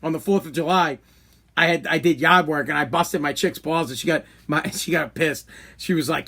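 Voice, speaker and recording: Brash male podcast host, 30s, higher-pitched, blunt comedic rant. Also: brisk, creaky, bright, forceful tone. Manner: brash, blunt, rambling with restarts.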